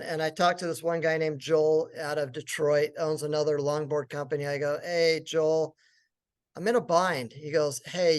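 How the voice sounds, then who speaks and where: Man, middle-aged, company founder, forum talk, animated storytelling. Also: fairly high pitch, clear, resonant tone. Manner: animated, acts out quotes of others. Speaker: business founder speaker.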